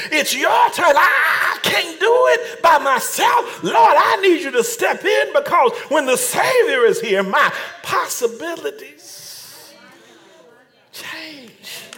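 A man's voice: very high-pitched, pushed and bright. A man preaching a fervent sermon, stammering repeated words and calling on the congregation to answer back.

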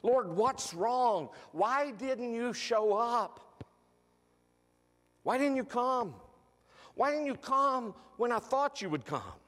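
A man voicing an impatient, frustrated woman who fires off demanding questions, with his voice raised in pitch. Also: expressive, takes it slowly, long pauses, a bit bright, big-room sound, exaggerated voice.

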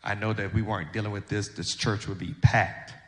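Service leader at a funeral: low, flat, unhurried man with pauses; long church reverb. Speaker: church officiant.

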